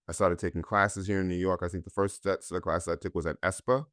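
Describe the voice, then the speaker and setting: Low smooth-voiced guy from north carolina, earnest and reflective, dry close mic. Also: level tone, fast, a bit bright, no room sound. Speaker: actor guest. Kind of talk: candid conversational storytelling.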